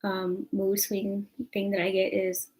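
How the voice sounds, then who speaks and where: A woman's voice: mid-range voice, completely flat delivery, takes it slowly, a little mellow, rough recording. A young woman, rambling casually to camera in a chatty vlog with lots of fillers. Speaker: vlogger.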